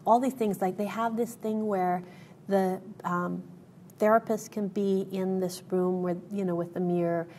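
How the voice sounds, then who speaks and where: A woman's voice: mid-range voice, fairly even intonation, measured pace, mellow, slight background noise. A woman guest in an interview, telling a personal story in an earnest way, with many fillers and restarts.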